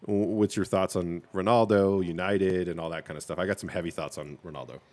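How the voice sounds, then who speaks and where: A man's voice: deep voice, fairly even intonation, fairly quick, darkish tone. A man co-hosting a casual sports podcast, talking in an opinionated, joking and rambling way.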